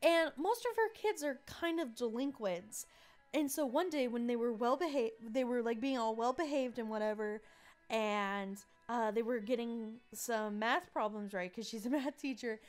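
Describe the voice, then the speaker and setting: A young woman with a fairly high voice chats through a video game in a giggly, easygoing way. Light music plays behind her. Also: normal speed. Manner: giggly and chatty. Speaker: gaming channel host. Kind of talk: casual let's play commentary.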